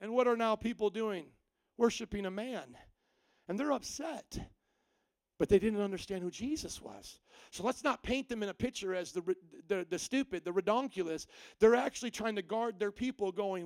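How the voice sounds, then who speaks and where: A man preaching a sermon, animated and full of rhetorical questions to the congregation. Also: high-pitched, moderate pace, dry recording. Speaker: pastor.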